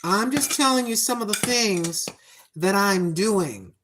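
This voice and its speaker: A woman in her sixties hosting a cooking livestream, chatting in a folksy way and repeating her points slowly for emphasis. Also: mid-range voice, lively intonation, a bit bright, slight background noise. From United States. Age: 60s. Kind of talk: casual livestream chat.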